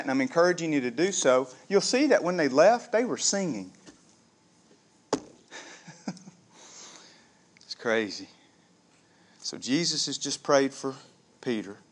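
A man preaching a sermon, conversational and animated, calling the congregation "gang" and asking them questions. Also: on the high side. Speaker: pastor.

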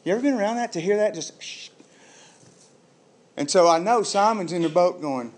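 Casting note: male pastor with a slightly high voice, preaching a storytelling sermon and playing the people in it. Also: expressive, moderate pace, darkish tone.

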